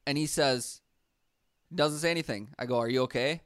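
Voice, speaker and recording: A man's voice: mid-range voice, moderate pace, smooth, no room sound, clean studio sound. A man co-hosting a podcast who is a young father, chatting casually about sports in an easygoing, rambling, teasing way. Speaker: podcast co-host.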